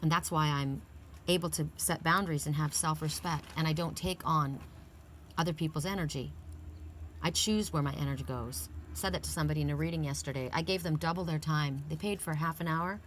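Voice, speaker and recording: A woman with a fairly low voice leads a relaxed oracle card reading. She chats in an upbeat way and stresses each affirmation as she recites it. A faint ambient hiss sits behind her. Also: brisk. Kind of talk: casual spiritual card reading.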